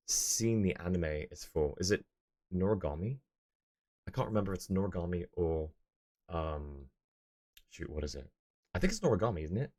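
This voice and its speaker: A man's voice: sits low, darkish tone. A young man streaming live, chatting casually and rambling as he answers his viewers' messages.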